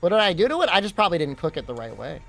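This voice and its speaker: A man's voice: a little high, very animated, very fast, gravelly, a bit bright. A young American man streaming and chatting casually, joking and reacting to questions from his chat.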